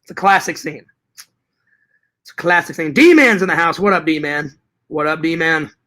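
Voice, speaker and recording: A man hosting a casual live stream, reading chat messages aloud and answering them in an animated, profane way that often repeats itself. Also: a little high, unhurried.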